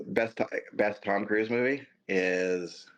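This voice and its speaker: A middle-aged man speaks as a podcast guest in a rather low voice. He stumbles through restarts and pokes fun at himself while he tells a story. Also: fairly even intonation, dull audio. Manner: halting, self-deprecating storyteller with restarts. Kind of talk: casual chat.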